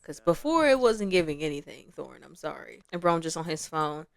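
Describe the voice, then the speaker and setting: Brief: young woman, gameplay commentator, lively pitch, chatty, quick to laugh. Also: gravelly. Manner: chatty, laughs often, acts out quotes. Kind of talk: casual game commentary.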